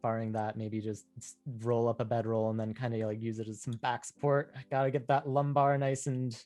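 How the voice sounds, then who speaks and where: A man's voice: mid-range voice, flat delivery, a little fast, a little mellow, faint music behind. A man playing a tabletop game, rambling and joking casually. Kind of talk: casual chat.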